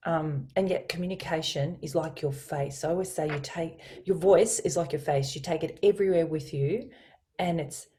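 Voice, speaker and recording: A woman voice coach, speaking as a guest over a video call, explaining her ideas with enthusiasm and lively emphasis. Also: low voice. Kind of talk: guest in a business interview.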